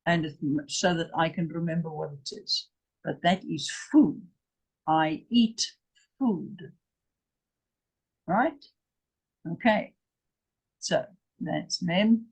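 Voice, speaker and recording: A woman's voice: low-pitched, animated, extremely slow, pauses often, a little mellow, breathy edge, poor audio. An English woman teaching a language lesson, patiently repeating each word and spelling out its letters. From England. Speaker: Hebrew teacher.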